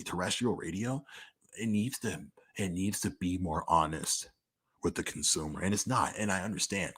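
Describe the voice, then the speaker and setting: Very deep husky young man, candid. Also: fairly bright tone. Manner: candid, profane, conversational with frequent "like". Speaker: podcaster answering listener questions. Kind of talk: casual monologue.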